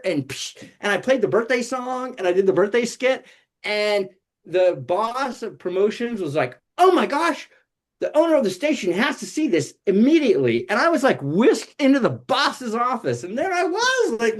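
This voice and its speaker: Animated man telling stories with fillers. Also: high voice. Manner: animated storyteller with many fillers. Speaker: guest puppeteer. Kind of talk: casual chat.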